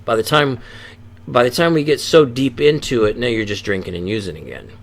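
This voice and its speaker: An earnest man at an average pitch teaching a presentation on addiction recovery. He explains patiently and often restarts his phrases. Now and then he acts out the inner thoughts he is describing. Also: lively intonation, fairly quick, creaky.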